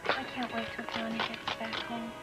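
A woman's voice: fairly high pitch, completely flat delivery, normal speed, over loud music, close to an everyday voice, low-quality recording. An actress as a gushing chatterbox girl. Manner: rambling, breathless gushing. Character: excitable chatterbox young woman, gushing. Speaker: chatty young woman at breakfast. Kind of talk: 1980s daytime soap acting.

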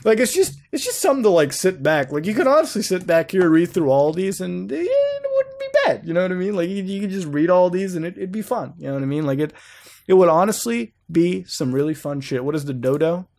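A man's voice: high-pitched, expressive, quick pace, darkish tone. A young man hosting a gaming channel, rambling and swearing casually as he browses websites and laughs at them. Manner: profane, rambling, laughs often.

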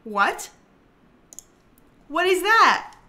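A woman's voice: very high voice, very animated, extremely slow, bright, forceful tone. A young woman streaming a life-simulation game, chatting casually, giggling and talking to the characters on screen. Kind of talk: casual gameplay commentary.

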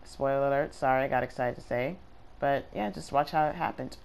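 A woman's voice: extremely low pitch, a little fast, gravelly, a little mellow. A woman giving casual, rambling commentary over her gameplay video, with plenty of fillers. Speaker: gaming video creator.

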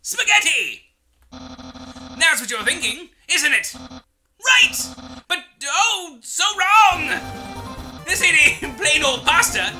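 Papyrus, a booming bragging skeleton. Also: male voice, sing-song, slow pace, long pauses, soft background music, heavily acted, low-quality recording. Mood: boastful. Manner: loud, theatrical, self-aggrandizing proclamations. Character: boastful excitable skeleton man. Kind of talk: voicing game dialogue in a let's play.

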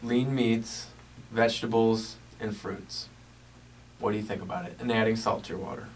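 A man's voice: on the low side, fairly even intonation, normal speed, darkish tone, a little hiss or hum. A man hosting a podcast in a small studio, chatting casually in a rambling, upbeat way full of filler words. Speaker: podcast host. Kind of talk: casual radio-style chat. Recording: distant mic, roomy sound.

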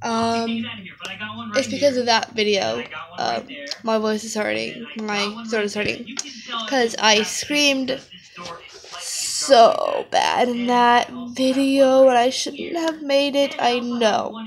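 A hoarse woman vlogger chats to her viewers in a rambling way, her strained voice breaking off now and then. She talks slowly, a little high, with crowd noise behind her. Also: fairly even intonation, poor audio. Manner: rambling, with frequent fillers. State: hoarse, sore throat, voice cutting out. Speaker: YouTuber. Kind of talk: casual vlog chat to viewers.

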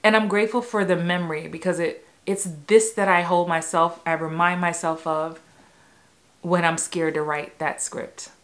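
A woman in her forties from New York tells stories about growing up in her own vlog. She talks in an animated way and laughs easily. Now and then she breaks into the voices of people from her memories. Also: lowish voice, normal speed. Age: 40s. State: a little emotional. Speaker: acting coach. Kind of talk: personal storytelling vlog.

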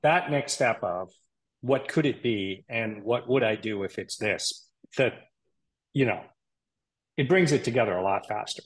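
A man's voice: on the low side, animated, unhurried. A man hosting an interview show, musing aloud thoughtfully with frequent fillers. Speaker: podcast host. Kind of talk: interview conversation.

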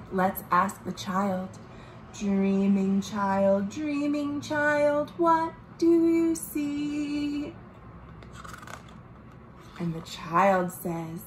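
A woman reads a picture book to small children in a gentle, sing-song way, stopping to ask them questions. She speaks slowly, with a voice a little higher than most. The room around her echoes, with a faint hum of noise behind. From United States. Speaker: children's librarian. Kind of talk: storytime read-aloud for children. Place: at home.

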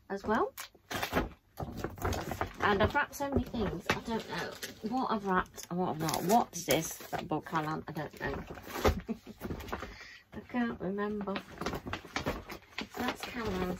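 A middle-aged woman vlogger chats to camera from her bedroom in a casual, tired, rambling way. Her voice is medium in pitch, and the recording is very noisy.

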